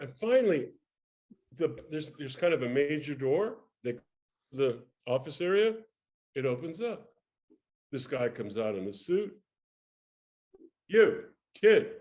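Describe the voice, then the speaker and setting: An older man with a slightly higher voice spins a long showbiz tale in an interview. He acts out every person he quotes and stumbles over quick restarts as the story runs on. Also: fairly bright tone. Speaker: actor telling a career story as interview guest. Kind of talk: animated anecdote in casual interview.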